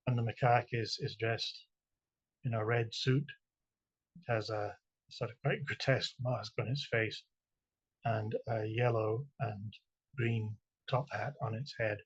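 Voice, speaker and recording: Scottish man, poet; husky tone, middle pitch, halting patter between poems, chanted verse, muffled lo-fi sound. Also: steady tone. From Scotland. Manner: halting, repeats words while explaining, slow chant-like delivery of verse. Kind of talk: poetry reading with spoken introductions. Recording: dull lo-fi recording.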